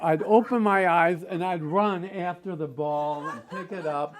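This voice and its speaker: A man telling his recovery story as guest speaker at a meeting, animated and self-mocking, laughing and swearing as he goes. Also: high voice, measured pace, crowd noise. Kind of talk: personal recovery story, told to a group.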